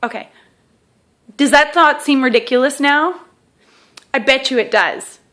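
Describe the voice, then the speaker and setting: A woman's voice: sits high, a little slow, bright, forceful tone. A woman teaching a self-help exercise to camera in a casual, chatty way, often checking in with "okay?" and joking at her own expense. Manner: self-deprecating humor.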